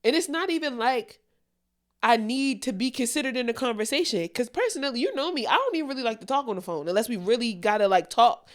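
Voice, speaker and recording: A woman's voice: on the high side, expressive, fast. A young adult woman co-hosting a podcast, talking bluntly and candidly with a lot of profanity. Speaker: podcast co-host. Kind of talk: candid casual chat.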